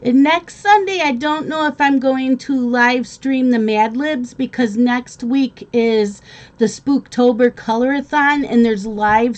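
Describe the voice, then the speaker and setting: A woman's voice: a little high, a little mellow. A woman hosting a casual live stream, chatting with viewers and calling to her pets.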